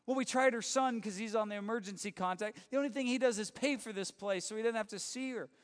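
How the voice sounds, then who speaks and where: A man, a youth pastor, telling a personal story in a conversational, halting way, often restarting and acting out the quoted dialogue. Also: high voice. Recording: reverberant hall.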